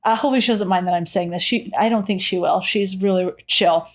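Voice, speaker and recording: A woman co-hosting a casual horror-movie podcast, chatty and quick to laugh. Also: medium pitch. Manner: chatty, laughs often, quickly acts out quoted voices. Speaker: podcast co-host. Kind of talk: casual chat.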